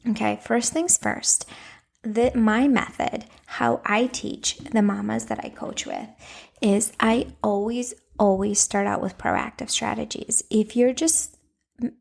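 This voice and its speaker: A woman's voice: fairly high pitch, fairly even intonation, slow pace, gravelly, darkish tone. A woman hosting a solo podcast, coaching moms in a casual, direct way and often checking in with "okay?".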